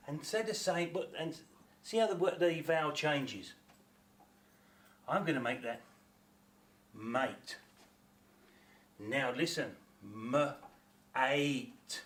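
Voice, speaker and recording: A man's voice: fairly high pitch, fairly bright tone. A man with an Australian accent teaching a phonics lesson, patiently sounding out letters and words.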